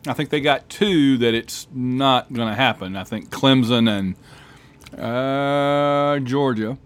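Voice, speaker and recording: A man's voice: mid-range voice, takes it slowly, clear, resonant tone. A man co-hosting a casual sports chat, playful and joking. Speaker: podcast co-host.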